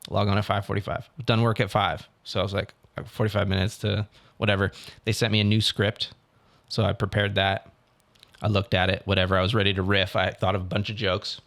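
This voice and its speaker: A young man co-hosting a podcast, telling a story in a casual, animated way and acting out what other people said. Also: fairly low pitch, a little fast. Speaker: podcast co-host. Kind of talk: casual chat.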